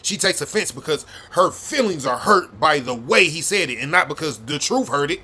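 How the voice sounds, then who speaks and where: A man on a heated, profane rant, cutting in with blunt remarks. His voice is bright and forceful and sits a little high for a man. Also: expressive, fairly quick, hardly any pauses, breathy edge. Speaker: reaction video host. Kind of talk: heated commentary.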